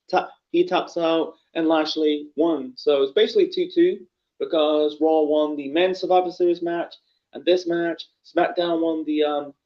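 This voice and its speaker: A man giving a casual solo wrestling review, rambling and profane, full of fillers and restarts. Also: on the high side. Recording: dull lo-fi recording.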